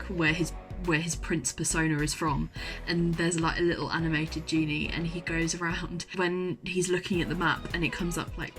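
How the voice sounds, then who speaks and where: A woman's voice: on the low side, a bit bright. Gushing young woman vlogging from her room. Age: young adult. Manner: gushing and enthusiastic, repeats herself. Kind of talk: casual chat to camera. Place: university bedroom.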